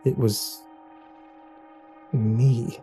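A man reads a first-person horror tale in a hushed, measured way, his voice dark and mellow. Faint music sits quietly behind the narration. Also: mid-range voice, level tone, slightly rough.

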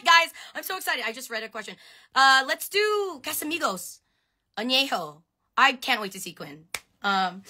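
A woman chatting excitedly on a phone live stream, answering viewer questions and shouting out fans. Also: fairly high pitch, moderate pace. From Filipino background. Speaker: reality show contestant on a live stream.

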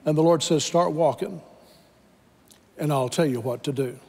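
A man's voice: fairly high pitch, moderate pace, gravelly, a little mellow, big-room sound. A man preaching a sermon, telling a story dramatically and acting out the voices in it. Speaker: pastor. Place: church sanctuary.

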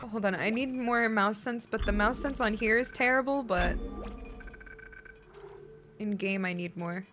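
A young woman streaming a horror game, talking to her chat with excitable, jumpy reactions and swearing when startled. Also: mid-range voice, normal speed. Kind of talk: live gameplay commentary. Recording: game music behind voice.

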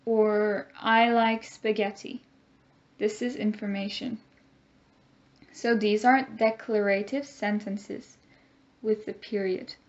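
A woman teaching a grammar lesson, speaking slowly and clearly and having the class repeat words after her. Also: fairly high pitch, lo-fi sound. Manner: slow, clear teacher talk with call-and-repeat drills.

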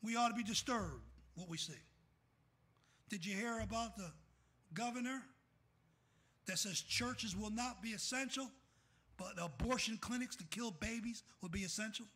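A middle-aged pastor preaching in a high, bright, ringing voice. He pauses mid-verse to ask the congregation to finish it. He swings from full-throated shouting to hushed, tender asides. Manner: calls out "what?" for the congregation to fill in scripture; swings from shouting to soft and quiet. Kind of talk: fiery sermon.

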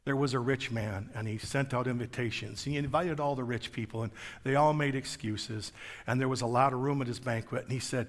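A man's voice: mid-range voice, steady tone, a little fast, long reverb tail. Emphatic storytelling preacher, man. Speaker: guest pastor. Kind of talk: sermon. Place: church stage.

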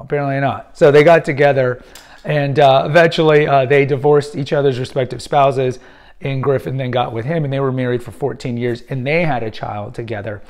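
This podcast host, a man in his fifties, talks a little fast in a slightly mellow, medium-pitched voice with fairly even intonation. His film commentary is casual and opinionated, full of rambling, restarts and fillers.

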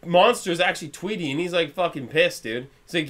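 A man's voice: on the high side, fairly quick, fairly bright tone. A young man co-hosting a movie reaction, chatting casually and swearing freely. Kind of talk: casual chat.

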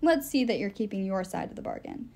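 A woman's voice: medium pitch, sing-song, fairly quick, gravelly, darkish tone. A woman voicing a pompous, greedy elderly male elf lord who talks in a haughty, commanding way.

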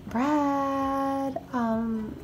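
A woman hosting a game roleplay video, talking casually and excitably as a mom, with frequent exclamations. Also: high voice, extremely slow, soft background music.

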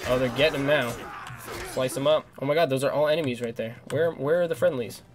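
A young man commentating his own gameplay, swearing freely and yelling at enemies. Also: medium pitch, fast, music in the background. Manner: excitable, swears a lot, yells at enemies. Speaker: gaming channel host. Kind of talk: let's play commentary.

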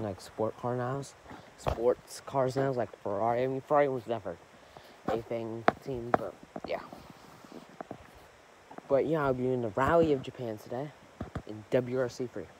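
A man's voice: mid-range voice, heavy background noise. A young man chatting casually to his channel's viewers. He rambles, corrects himself often and leans on a lot of fillers. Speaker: gaming channel host. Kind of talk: casual rambling vlog chat.

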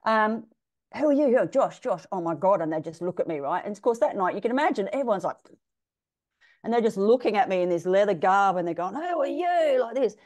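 A middle-aged Australian woman, a DJ guest, telling stories in a frank, animated way and acting out the quotes. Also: mid-range voice, quick pace. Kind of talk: casual storytelling interview.

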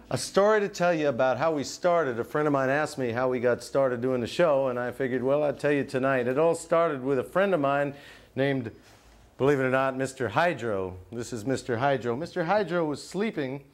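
Playful rambling male show host. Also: mid-range voice. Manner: rambling, playful, lots of uhs. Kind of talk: comic puppet storytelling. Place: TV studio with live audience.

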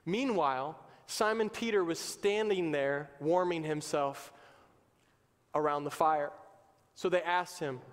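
In a church sanctuary with the long reverb of a church hall, a male pastor preaches a sermon in an emphatic yet conversational style. His voice is on the high side and moves at normal speed.

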